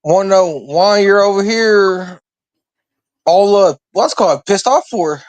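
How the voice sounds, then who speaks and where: A man calls into a livestream and talks haltingly, often stopping on filler words. The sound is dry and close, with no room around it. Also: high-pitched, no room sound. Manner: hesitant, full of fillers. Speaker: caller on a livestream. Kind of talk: casual call-in chat.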